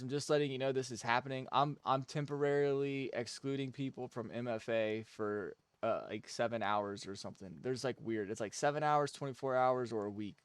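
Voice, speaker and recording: A man's voice: mid-range voice, clear, resonant tone, dry recording. A young man, chatting casually on a game stream and venting profanely about work. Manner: profane, ranting, venting frustration. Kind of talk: casual gaming stream chat.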